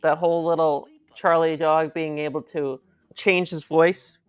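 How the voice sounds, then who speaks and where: A man guesting on a casual cartoon review chat, talking in a relaxed, rambling way. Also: a little high, measured pace, smooth, soft background music. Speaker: guest co-host.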